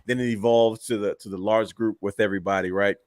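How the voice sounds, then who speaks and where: Man, lowish voice, dry close sound, casual animated wrestling chat, laughs a lot. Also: fast talker, no echo. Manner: animated storyteller, acts out quotes, laughs often. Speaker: podcast co-host.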